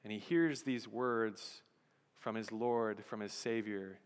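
A male pastor preaching a sermon with dramatic storytelling, dropping low and quiet, then swelling loud. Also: steady tone, slow pace, smooth. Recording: long reverb of a large hall.

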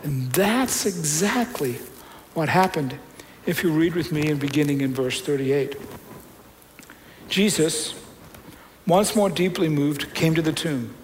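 A man preaching a sermon as a pastor, retelling scripture in a conversational, storytelling way with loud peaks and quiet stretches. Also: a little high, lively intonation, a little slow, pauses often, a little hiss or hum, poor audio.

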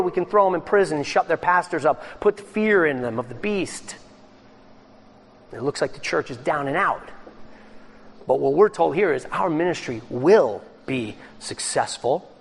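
A man preaching a sermon as pastor, swinging between loud excited bursts and low hushed lines. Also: husky.

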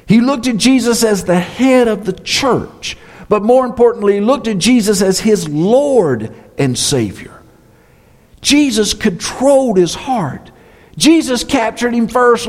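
Animated, high-voiced preacher man. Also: big-room sound. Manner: expressive preaching with emphatic repetition. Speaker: pastor. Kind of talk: sermon.

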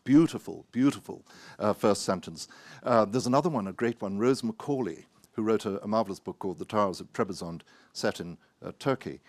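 A man, an author, giving a wry, anecdotal talk full of hesitant pauses and self-mocking asides. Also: lowish voice, no echo.

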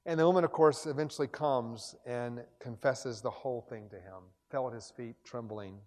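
A man preaching a sermon in a chapel, building to loud, fervent exclamations. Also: medium pitch, normal speed, big-room sound. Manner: impassioned, rising to loud exclamations.

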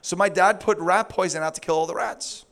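A man with a fairly high voice delivering a sermon as a lively personal anecdote. He laughs through his lines and slips into a high sing-song when quoting himself, then settles back into plain preaching. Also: brisk. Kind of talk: sermon storytelling.

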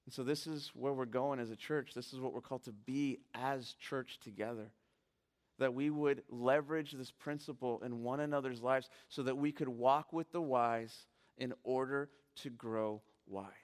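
A man's voice: mid-range voice, normal speed. A male pastor preaching a sermon in a church, telling stories with animation and putting earnest, direct questions to the congregation. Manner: animated storytelling, rising to near shouting at emotional peaks. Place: church sanctuary.

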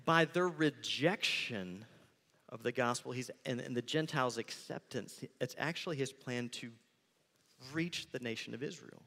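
A man preaching a sermon as pastor, conversational and animated, acting out quick asides. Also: mid-range voice, vocal fry, long reverb tail, slight background noise.

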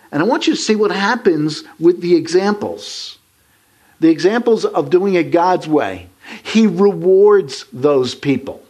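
Husky-voiced man preaching with lively emphasis. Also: a little high. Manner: emphatic, rising to stress points and addressing the congregation as folks. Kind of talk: sermon.

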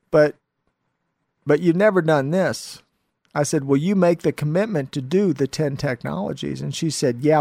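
Lively man host, high-pitched, dry sound. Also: no room sound. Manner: animated, quotes people in dialogue, laughs often. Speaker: show host. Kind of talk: storytelling motivational talk.

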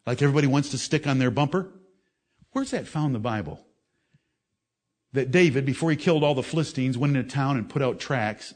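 A preacher, male, gives a fiery sermon that confronts and scolds, swinging between loud declamation and quiet, intense reasoning addressed to his audience. His pace is a little fast.

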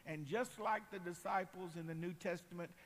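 Impassioned high-voiced male preacher, reverberant hall. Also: steady tone, normal speed, a little hiss or hum. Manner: impassioned, builds to loud cries. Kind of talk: sermon.

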